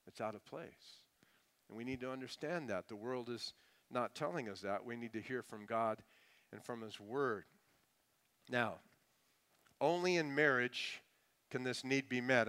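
A middle-aged man preaching to his congregation in a smooth, resonant voice of ordinary pitch. He swings from loud, emphatic lines to quiet, dropped asides. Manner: animated preaching with sudden swings from loud to hushed. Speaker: pastor. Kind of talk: sermon.

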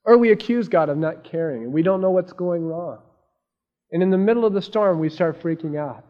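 A male pastor delivering a sermon with a fairly high voice and a wide, swinging delivery. He rises into excited cries when he voices worried people and sinks low for quiet points. The recording sounds dull and lo-fi. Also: fairly quick. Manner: animated, acts out frantic voices of the disciples.

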